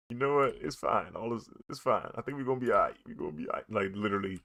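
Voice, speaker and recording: A young man chatting casually while he draws, animated and laughing often as he talks. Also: mid-range voice, creaky. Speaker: artist vlogger. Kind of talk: casual chat while drawing.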